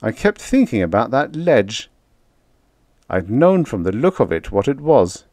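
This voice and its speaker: A man narrating an audiobook in the first person, with expressive, dramatic storytelling, close to the mic. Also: medium pitch, unhurried, no room sound.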